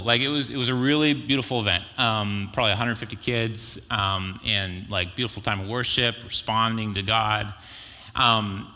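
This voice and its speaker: Bright-voiced man preaching in a hall. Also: fairly low pitch. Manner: casual, self-deprecating, joking asides. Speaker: pastor. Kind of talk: conversational sermon storytelling. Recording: reverberant church hall.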